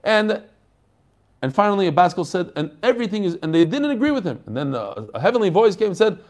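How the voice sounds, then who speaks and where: Animated high-voiced man teaching Talmud. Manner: quick, animated explaining with Yiddish-inflected Hebrew terms. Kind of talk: daily Talmud class.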